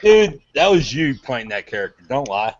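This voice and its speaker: A man's voice: medium pitch, sing-song, moderate pace. Teasing man in muffled audio. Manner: teasing, insistent. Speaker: co-host friend. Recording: muffled lo-fi audio with faint noise.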